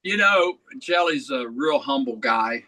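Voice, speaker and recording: A man, a rock singer, talking as an interview guest and telling stories in an easygoing, animated way. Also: medium pitch, a little slow, poor audio. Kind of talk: conversational storytelling.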